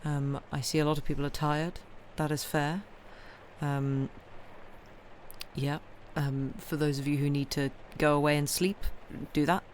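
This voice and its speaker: A low-pitched woman speaks in a flat, slightly slow delivery with slight background noise. She hosts a home livestream reading books aloud, casually chatting and rambling with viewers, replying to chat messages with many ums. Tired and yawning, she says so herself.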